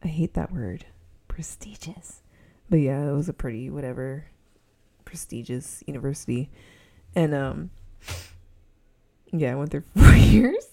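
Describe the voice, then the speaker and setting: A young woman hosting her own podcast, rambling in a casual solo chat and breaking often into loud giggly laughter. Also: deep voice, lively intonation, normal speed, vocal fry, pauses often. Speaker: podcast host.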